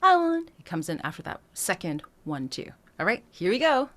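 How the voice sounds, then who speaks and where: A woman's voice: lowish voice, sing-song, a little fast, over loud music. A woman vocal coach talking through breath choices in a singing lesson, now and then singing short lines to demonstrate. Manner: explanatory, breaks into sung demonstrations, laughs lightly.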